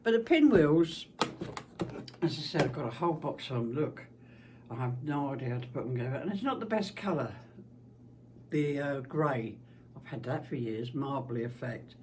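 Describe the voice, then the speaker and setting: A middle-aged woman with a London-area English accent and a slight Scottish tinge, chatting casually in her husky smoker's voice about her quilting. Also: extremely low pitch, animated, normal speed. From southeast England. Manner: chatty, rambling, homely. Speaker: quilting channel host. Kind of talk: casual chat. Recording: distant mic with faint background hiss.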